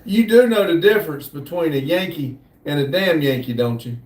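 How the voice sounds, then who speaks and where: A man hosting a casual livestream, slowly reading viewer comments aloud in a drawl. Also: fairly high pitch, lively intonation, darkish tone. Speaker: livestream host reading chat. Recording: echoey room, distant mic.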